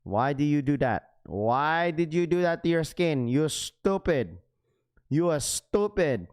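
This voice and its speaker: A man's voice: fairly high pitch, sing-song, slow pace, voice pushed up. A man voicing his scolding Filipino mother, in broken English with a Filipino accent.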